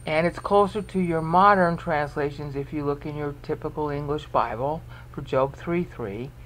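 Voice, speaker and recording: A man's voice: a little high, moderate pace, fairly bright tone, rough recording. A man presenting a Bible study video lecture, explaining step by step and often checking in with the listener.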